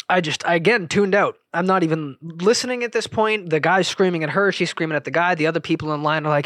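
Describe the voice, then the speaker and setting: A man's voice: on the high side, fast talker, few pauses, a bit bright, no room sound, studio quality. Profane rambling man telling a story. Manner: rambling, profane, self-interrupting. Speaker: podcast host. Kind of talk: casual storytelling monologue.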